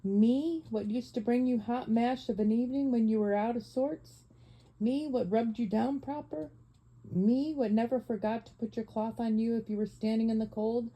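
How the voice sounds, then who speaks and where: A woman voicing a rough, blunt working-class cab driver, emphatic and plain-spoken. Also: fairly high pitch, steady tone, normal speed, warm tone, rough recording. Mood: indignant. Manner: blunt, dialect-heavy and emphatic.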